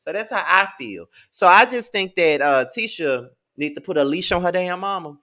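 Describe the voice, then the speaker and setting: A man's voice: high voice, moderate pace. Sassy Mississippi-accented man in his thirties. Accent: Southern US (Mississippi). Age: 30s. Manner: sassy, profane, animated. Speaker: TV show reviewer. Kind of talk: casual recap commentary.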